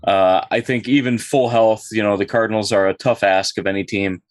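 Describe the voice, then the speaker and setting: A man co-hosting a casual sports podcast, talking in a relaxed, measured way. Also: on the low side, no echo, clean studio sound. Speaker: podcast co-host.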